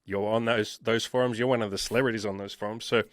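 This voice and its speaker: A man's voice: on the low side, fairly even intonation, fast, dry recording, studio quality. A man in his thirties telling his life story as an interview guest, emphatic and swearing freely. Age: 30s.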